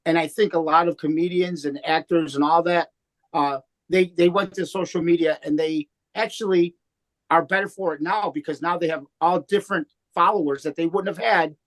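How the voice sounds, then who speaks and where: High voiced comedian guy, rambly interview talk, lots of uhs. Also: steady tone, moderate pace, a bit bright. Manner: rambling, many restarts and fillers. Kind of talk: casual interview chat.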